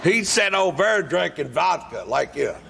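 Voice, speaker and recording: A man telling a wry, deadpan story from his own life at a recovery meeting. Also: on the high side, moderate pace, vocal fry, background noise. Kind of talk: humorous personal storytelling.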